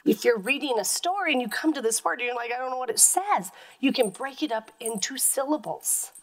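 A woman's voice: high voice, lively intonation, brisk, poor audio. A woman teacher giving a phonics lesson to young children, patiently sounding words out letter by letter.

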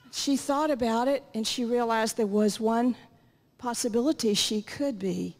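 A woman's voice: on the high side, moderate pace, a little mellow. An older woman giving an earnest personal testimony at a church meeting, speaking into a stage microphone. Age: 60s or 70s. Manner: earnest storytelling, acts out quotes. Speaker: guest speaker. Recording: reverberant church hall.

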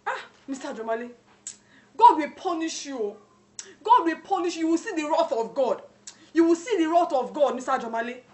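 A woman's voice: high-pitched, lively intonation, quick pace, a little hiss or hum. Woman playing a furious Nigerian wife. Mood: cursing. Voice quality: emotional, mixes in Yoruba phrases. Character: desperate angry Nigerian immigrant wife. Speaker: Nigerian wife stranded in America. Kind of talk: church film drama acting.

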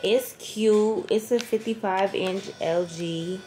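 A woman's voice: medium pitch, takes it slowly, warm tone. A woman vlogging casually from her bedroom, chatty and slangy, swearing freely and talking into a handheld phone camera. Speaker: lifestyle vlogger. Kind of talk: casual chatty vlog talk. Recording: echoey room with faint background noise.

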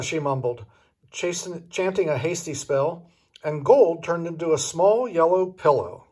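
An older man, a grandfather reading a children's picture book aloud in an expressive way, pointing out the pictures. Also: fairly high pitch, unhurried, husky.

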